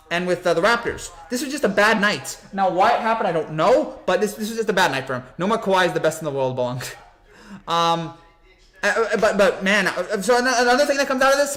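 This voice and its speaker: A young man hosting a postgame basketball reaction stream, talking in an excited, hyped-up way and reading out reactions. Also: sits high. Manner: excited, rapid, hyped-up sports talk. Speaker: sports commentary host.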